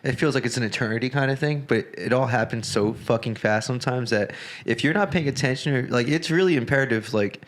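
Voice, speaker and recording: A man's voice: mid-range voice, fast talker, few pauses. Male podcast host, mid-range voice, blunt and emphatic, casual profanity. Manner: emphatic, swears freely. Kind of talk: casual chat.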